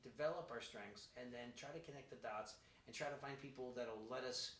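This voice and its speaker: A man's voice: mid-range voice, brisk, fairly bright tone. A man chatting as an interview guest, enthusiastic and long-winded in his answers, heard from a distant mic. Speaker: guest drummer. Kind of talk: casual interview chat. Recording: echoey room, distant mic, faint noise.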